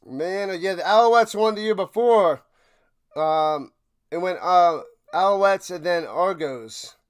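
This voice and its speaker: High-voiced excitable man ranting over football. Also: slow, clean tone. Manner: excitable, swings from ranting shouts to low mutters; repeats himself while ranting. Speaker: watch party streamer. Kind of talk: live play-by-play and reaction commentary.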